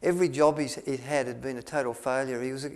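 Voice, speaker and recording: A man tells a story to an audience. He rambles, restarts his sentences often and fills pauses with ums. He acts out the lines he quotes. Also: mid-range voice, fairly even intonation, a little mellow. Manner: rambling, with many restarts and fillers, acting out quotes. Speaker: speaker at a health retreat.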